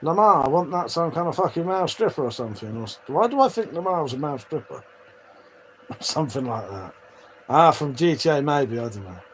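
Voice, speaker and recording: A man's voice: fairly high pitch, big pitch swings, fairly quick, a little hiss or hum, poor audio. A man hosting a livestream, casually chatting, swearing often and laughing as he reads viewer comments. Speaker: livestream host. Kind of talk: casual live chat reading viewer comments.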